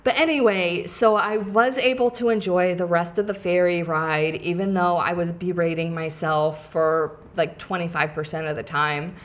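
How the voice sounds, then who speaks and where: A woman's voice: on the low side, fairly even intonation, normal speed, few pauses. A woman podcast host telling a travel story in a casual, chatty way, full of fillers and quoted lines.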